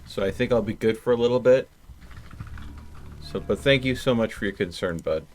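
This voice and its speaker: A man playing in a tabletop role-playing game, thinking out loud and explaining his reasoning at length. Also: fairly low pitch, normal speed. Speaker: player. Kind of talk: casual tabletop game chat.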